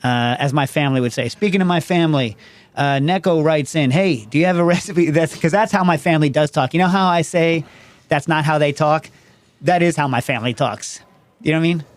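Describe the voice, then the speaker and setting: A man's voice: on the high side, brisk, no echo. A man hosting a casual call-in show, rambling and digressive, constantly asking "you know what I mean" as he talks. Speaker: show host.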